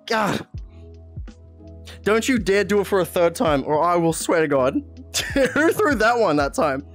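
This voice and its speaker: A man's voice: high voice, big pitch swings, measured pace, faint music behind. A young man streaming a VR game, chatting casually, giggling often, swearing and reading chat aloud. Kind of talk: casual live-stream chat while playing. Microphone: VR headset mic.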